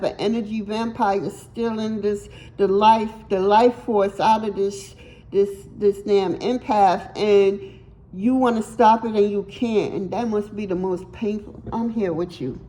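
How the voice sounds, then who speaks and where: A woman's voice: on the high side, darkish tone, slight background noise, rough recording. Emphatic, blunt woman tarot reader. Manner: emphatic, blunt, swears freely; repeats words while searching for them. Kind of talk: casual tarot reading to viewers.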